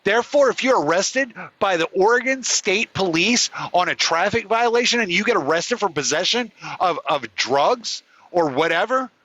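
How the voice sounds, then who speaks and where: Furious high-voiced man ranting. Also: expressive, moderate pace, hardly any pauses, pushed and bright, no room sound, rough recording. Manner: furious, profane, heated ranting. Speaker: podcast host. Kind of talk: angry ranting monologue.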